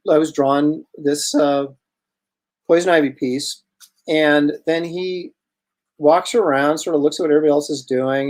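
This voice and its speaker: Chatty man telling a story. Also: fairly high pitch. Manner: lively storyteller, halting restarts. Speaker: host. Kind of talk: casual anecdote on a livestream.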